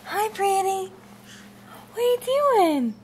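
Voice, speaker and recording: A woman's voice: extremely high pitch, darkish tone, slight background noise. A woman talking baby talk to an infant at home in a cooing, sing-song voice. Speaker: parent filming an infant.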